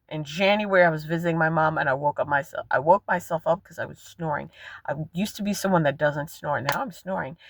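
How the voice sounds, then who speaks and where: A woman's voice: deep voice, fairly bright tone, a little hiss or hum. A woman in her forties talking frankly in a rambling personal vlog from her car, swearing freely. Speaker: vlogger.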